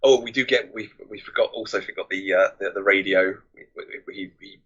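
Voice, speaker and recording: A man's voice: on the low side, steady tone, a little fast, a bit bright, husky, dull audio. A man co-hosting a casual film podcast, talking hesitantly and often repeating words. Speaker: podcast co-host.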